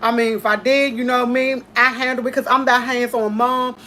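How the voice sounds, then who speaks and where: Excited, emphatic woman, fairly high voice. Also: normal speed, slight background noise. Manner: emphatic and repetitive, talks excitedly. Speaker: host. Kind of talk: casual chat.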